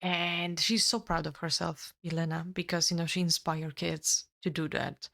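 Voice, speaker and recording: Deep-ish voice lady, lots of ums, chatting about a book. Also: fairly even intonation, gravelly, fairly bright tone. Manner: halting, many ums and restarts. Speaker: book reviewer co-host. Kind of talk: casual chat, retelling a plot.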